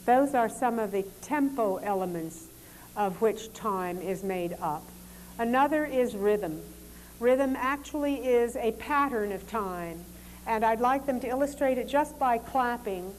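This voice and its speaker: A woman leading a lecture demonstration, giving calm, polite directions to dancers and explaining as she goes. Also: fairly high pitch, measured pace, a little hiss or hum. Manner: calm, instructive, polite commands.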